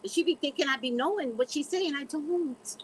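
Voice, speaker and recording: A woman's voice: sits high, a little hiss or hum, rough recording. A woman chatting to her channel in a blunt, sassy way, leaning on "you know" between thoughts. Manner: animated, drawn-out, repeats "you know". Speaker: vlogger. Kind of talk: casual chat to camera.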